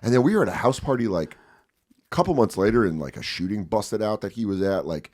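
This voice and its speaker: With a fairly low pitch and a brisk pace, this man in his forties spins a casual, profane story as a podcast guest, acting out voices loudly and animatedly.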